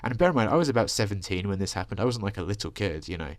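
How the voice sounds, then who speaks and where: A young man talks fast and low in a long profane rant, stringing thoughts together with "like" and "you know." His voice sits deep, and the recording is close and dry with no room sound. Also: expressive, no echo. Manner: ranting, profane, filler-heavy with frequent "like" and "you know". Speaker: vlogger. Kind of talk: rambling personal monologue. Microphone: desk microphone.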